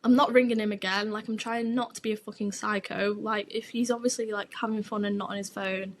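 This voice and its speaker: A woman's voice: medium pitch, steady tone, a little fast, creaky. A young woman, hosting her podcast and telling a gossipy story in a frank, sweary, chatty way. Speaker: podcast host.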